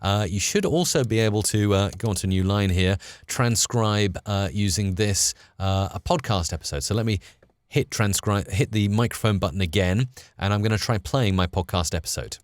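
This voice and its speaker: A man's voice: lowish voice, normal speed, no echo. A British man hosting a chatty live screen-share tutorial, upbeat and full of fillers. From United Kingdom. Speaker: host.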